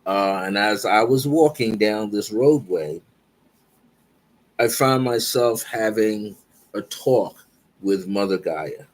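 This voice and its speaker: A man speaking as a guest, calmly and earnestly recounting a spiritual dream. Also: lowish voice. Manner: slow, reflective, earnest. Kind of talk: spiritual storytelling.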